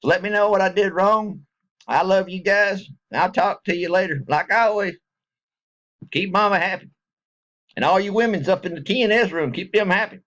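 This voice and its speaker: A middle-aged man with a drawl and a fairly high voice. He talks in a folksy, rambling, joking way, addressing his viewers directly in casual chat. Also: moderate pace, a bit bright. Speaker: vlogger. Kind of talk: casual direct-to-camera talk.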